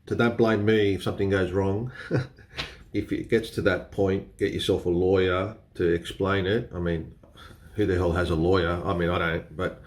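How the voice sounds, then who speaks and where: A man with an Australian accent chatting casually to camera as a photography vlogger, laughing often and swearing a little. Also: low voice. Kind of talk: casual explainer talk to camera.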